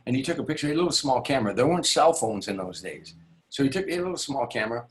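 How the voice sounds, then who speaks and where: A male comedian spins a show-business yarn for an interviewer. His voice sits in an ordinary middle pitch. He rambles and restarts, and slips into the voices of the people in the story. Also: animated, racing. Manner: rambling, with many restarts and asides. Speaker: guest, stand-up comedian.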